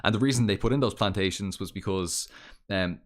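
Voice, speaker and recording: An Irish man with a low voice talks through history on a livestream. He lectures earnestly, stopping to restart and filling pauses with "uh". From Ireland. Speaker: guest. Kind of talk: political discussion on a livestream.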